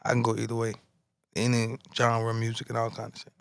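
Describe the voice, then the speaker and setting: A young rapper from Florida talks fast and easygoing, leaning on slang and filler phrases. His voice has a gravelly edge. The sound is close and dry. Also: medium pitch, monotone, dry recording. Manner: laid-back, slangy, repeats "you know what I'm saying". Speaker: rapper guest. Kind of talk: casual interview chat.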